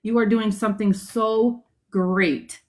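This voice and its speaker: A woman's voice: mid-range voice, fairly even intonation, takes it slowly, rough recording. A woman guest on a livestream speaks with raw emotion. She encourages insistently and hammers points by repeating them. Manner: emotional, encouraging, repetitive emphasis.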